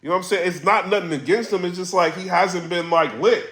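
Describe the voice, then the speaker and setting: A man blogging about the battle rap scene in a casual commentary vlog, telling stories in a slangy, animated way. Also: sits high, fast talker, reverberant.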